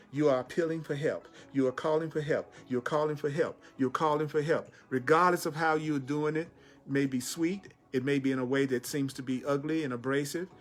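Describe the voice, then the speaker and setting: A middle-aged man giving a spiritual teaching talk, repeating key phrases with emphasis. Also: on the high side. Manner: repetitive, emphatic, pleading voice for quotes.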